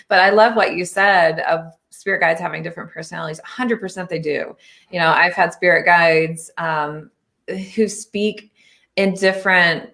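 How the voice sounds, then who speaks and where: A woman's voice: on the low side, creaky, fairly bright tone. A woman hosting a podcast about spirituality, talking in an enthusiastic and reassuring way in casual interview chat. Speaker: podcast host and spiritual medium.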